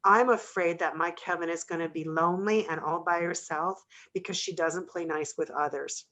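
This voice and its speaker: Bright-voiced, low-pitched woman host. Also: fairly even intonation, moderate pace. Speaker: radio host. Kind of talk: radio interview.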